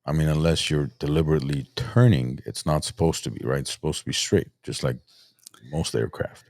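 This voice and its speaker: A man with an extremely deep voice hosts a podcast in casual chat. He searches for words and restarts his sentences as he thinks aloud. The sound is dry and close, with no room around it. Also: steady tone, a little fast, darkish tone, no room sound. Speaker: podcast host.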